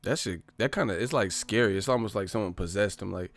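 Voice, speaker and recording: Gravelly, low-voiced man joking on a live stream. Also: fast. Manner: profane, joking, puts on voices for bits. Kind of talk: casual live-stream chat reading super chats.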